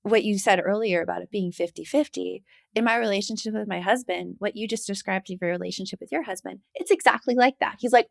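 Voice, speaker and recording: Gravelly-voiced woman host, dry close sound. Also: medium pitch, fast talker, no echo. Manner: affirming, animated when retelling exchanges. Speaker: podcast host. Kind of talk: casual podcast conversation.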